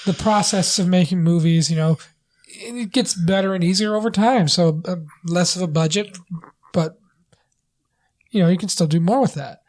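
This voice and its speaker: Man, podcast co-host; casual, halting delivery full of fillers. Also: high-pitched, darkish tone. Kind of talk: casual movie review chat.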